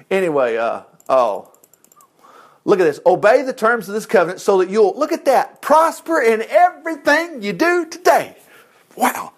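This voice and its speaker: This is a man giving a casual sermon straight from the Bible. His voice sits high and swings up and down a lot. He reads a verse, then breaks in with excited comments between lines. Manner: excitable, reads scripture aloud with asides. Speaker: preacher. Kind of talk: informal Bible teaching.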